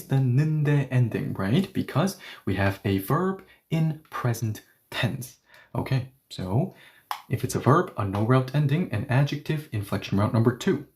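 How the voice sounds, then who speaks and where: A man's voice: medium pitch, darkish tone. Man teaching grammar step by step. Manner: explains step by step, asking questions and answering them himself. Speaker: Korean language teacher. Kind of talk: grammar lesson.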